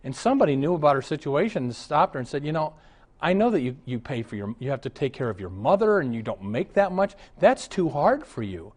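A man's voice: fairly high pitch, a little fast. A man, a pastor, preaching a sermon full of anecdotes, mixing humor with exhortation. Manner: animated storytelling, mixes humor with exhortation.

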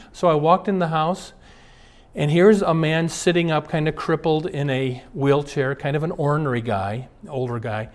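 Speaking at normal speed in a voice on the high side, a Twin Cities–area pastor preaches earnestly. He reads passages aloud, then shares anecdotes from his ministry, drawing the sermon from personal stories.

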